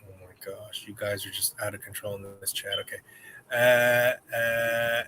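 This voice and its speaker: Man, host, rambling live-stream chat, crisp bright tone. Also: lowish voice, little pitch movement, a little slow, slight background noise. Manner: rambling, joking.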